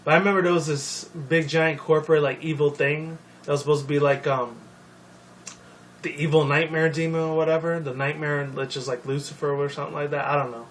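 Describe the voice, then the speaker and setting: A young man rambles through casual video commentary, swearing freely and stalling on ums and likes. His voice sits a little high. He sounds set back from the microphone, with faint noise underneath. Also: level tone, a little fast. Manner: profane, rambling, many fillers. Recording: distant mic with faint noise.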